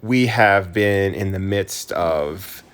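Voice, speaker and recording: This is a man in his thirties from New Mexico with a very deep voice. He co-hosts a home podcast from his couch, drifting through thoughts and restarting sentences as he goes. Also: takes it slowly, clear, resonant tone. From New Mexico, USA. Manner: rambling, self-correcting. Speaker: podcast co-host, teacher. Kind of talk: casual chat. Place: home living room couch.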